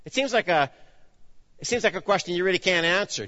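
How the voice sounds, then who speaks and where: A man preaching a sermon, acting out the dialogue of his story and swinging between loud emphasis and hushed, low delivery. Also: animated, a little fast, big-room sound, highs cut off. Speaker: pastor.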